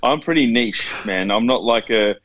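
A man's voice: medium pitch, moderate pace, fairly bright tone. A man co-hosting a podcast, teasing and swearing freely in casual banter. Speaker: podcast co-host.

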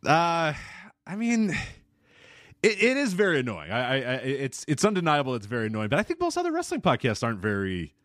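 A man's voice: medium pitch, wildly swooping pitch, fairly quick, fairly bright tone, no room sound, studio quality. A man co-hosting a wrestling podcast in casual chat, laid-back, laughing easily and often restarting his sentences. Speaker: podcast co-host.

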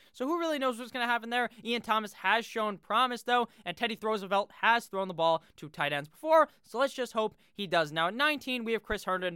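A man's voice: high-pitched, sharp tone, clear, resonant tone, no room sound, clean studio sound. A young man hosting a fantasy football rankings video, talking casually and brashly, joking and swearing freely.

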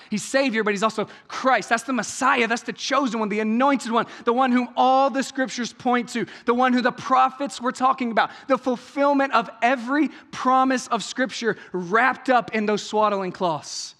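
A man preaching a sermon in a church, talking conversationally, asking many rhetorical questions and moving between hushed, intimate passages and raised, emphatic ones. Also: very high-pitched, normal speed, few pauses, in a large hall. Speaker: pastor. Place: church sanctuary.

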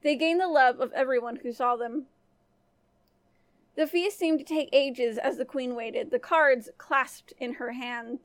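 A woman storyteller narrating a fairy tale for a family-friendly podcast in a gentle manner. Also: high-pitched, measured pace, dry recording.

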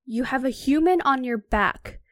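A woman's voice: high voice, measured pace, no echo, clean studio sound. A woman voicing a proud, angry male centaur in a book read-aloud. She makes him harsh and scolding.

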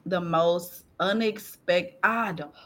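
Joining a podcast by video call, a woman guest gives an emotional faith testimony, laughing through tears. Her speech is animated and colloquial, fairly low-pitched and slow.

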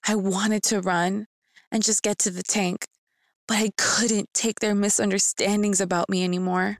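A young woman telling a dramatic first-person story with an expressive delivery. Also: medium pitch, moderate pace, over music. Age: young adult.

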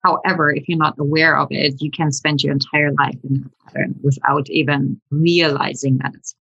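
Low husky woman, earnest reflective guest, dull lo-fi sound. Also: level tone, moderate pace, a bit bright, dry recording. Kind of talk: casual chat.

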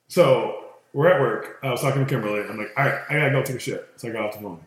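A man's voice: medium pitch, fast talker. A man co-hosting a podcast with laid-back, teasing banter. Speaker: podcast co-host. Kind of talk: casual chat. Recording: very echoey room.

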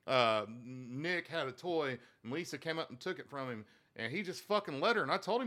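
A man's voice: fairly high pitch, lively intonation, moderate pace, hardly any pauses, bright, forceful tone. A man in his thirties telling crude stories about his kids in a casual chat, cursing freely. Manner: profane storyteller, swears constantly.

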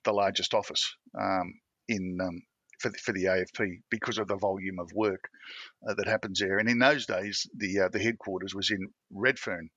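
A man's voice: sits low, fairly even intonation, normal speed, pushed and bright, slightly rough, dry recording, muffled recording. A middle-aged man, a former police officer, telling rambling anecdotes in a casual interview. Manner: rambling anecdotes, frequent restarts and self-laughter.

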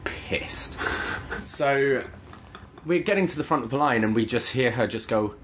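A man from the UK with a British accent, co-hosting a podcast and telling stories in a lively way. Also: medium pitch, unhurried, noisy background. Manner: lively, animated storyteller. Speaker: podcast co-host. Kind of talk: casual storytelling.

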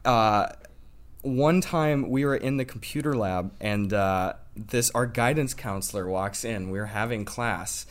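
A man's voice: lowish voice, a little slow. Laughing young man telling a story. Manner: animated storyteller, laughs a lot, swears freely. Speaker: podcast co-host. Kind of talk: casual podcast chat.

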